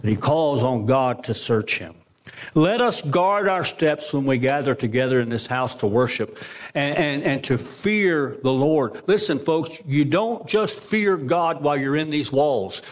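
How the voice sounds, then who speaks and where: A man with a fairly high voice preaching from the pulpit of a church. He presses the congregation with rhetorical questions, rising loud and then dropping to a hushed, slow close. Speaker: pastor. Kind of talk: sermon. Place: church sanctuary.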